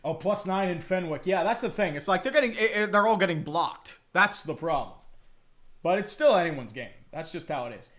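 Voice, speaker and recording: Male streamer commentator, high voice, casual play-by-play with profane, jokey asides. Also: expressive, fairly quick, fairly bright tone.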